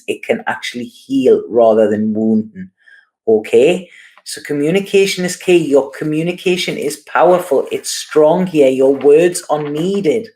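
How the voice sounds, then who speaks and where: A woman giving a casual tarot reading, talking in an unhurried way and often checking in with "you know" and "okay". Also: deep voice, a little mellow. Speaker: tarot reader.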